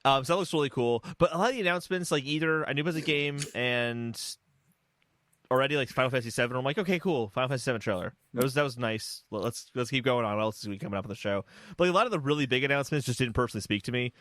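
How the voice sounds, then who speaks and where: A man's voice: mid-range voice, fairly bright tone, no echo, clean studio sound. A man co-hosting a gaming podcast, talking casually with many ums and restarts. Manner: quick, hesitant, many fillers. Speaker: podcast co-host. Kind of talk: casual chat.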